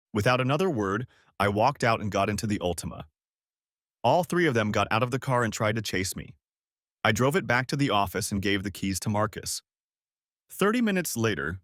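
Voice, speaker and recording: A man narrating a dramatic first-person story, expressive and bitter. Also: on the low side, no room sound, studio quality.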